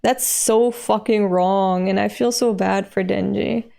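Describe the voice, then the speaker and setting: A woman reading a manga aloud and reacting with expressive, animated commentary that jumps high when she is moved. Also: a little slow, creaky. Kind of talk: emotional read-along reaction.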